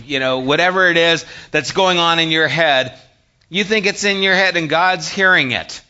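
Animated bright-voiced male preacher. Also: fairly high pitch, normal speed, lo-fi sound. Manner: conversational and animated, swings from hushed to emphatic. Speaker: pastor. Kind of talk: sermon.

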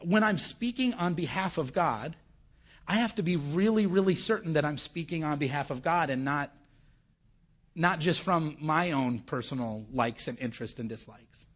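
A man's voice: fairly high pitch, lively intonation, normal speed. A male pastor giving a conversational sermon who keeps asking the audience questions, on a dull recording.

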